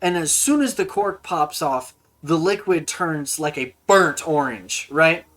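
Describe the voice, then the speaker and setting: A woman narrating as game master of a tabletop game, rambling and animated with many fillers. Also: low-pitched, unhurried, a little hiss or hum.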